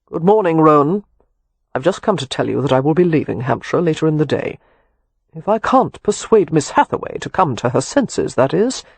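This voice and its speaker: A cool, controlled doctor with a husky, slightly high voice, as a male reader puts him on. His speech is formal and measured, and the recording is dry and close. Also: sing-song, no echo, heavily acted.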